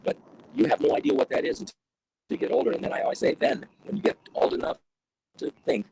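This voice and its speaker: A man's voice: very high-pitched, wildly swooping pitch, quick pace, creaky, dark tone, a little hiss or hum. An older man, a veteran radio broadcaster, telling stories enthusiastically over a video call that makes him sound robotic. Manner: enthusiastic, wide-ranging delivery. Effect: robotic digital distortion. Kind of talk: casual storytelling interview.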